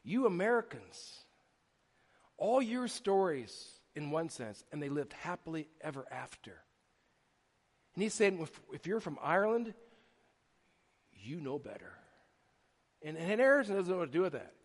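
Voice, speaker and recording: Animated preacher in an echoing hall. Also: male voice, on the high side, unhurried, long pauses. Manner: animated storytelling with repeated restarts. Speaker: pastor. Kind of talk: sermon. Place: church sanctuary. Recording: long hall reverb.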